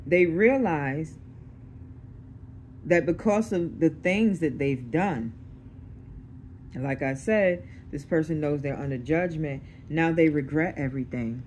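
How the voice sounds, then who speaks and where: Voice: medium pitch, darkish tone, a little hiss or hum. A tarot reader doing a casual reading to camera, blunt and streetwise, swearing freely and checking in with the listener. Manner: checks in with the listener, repeating "okay?".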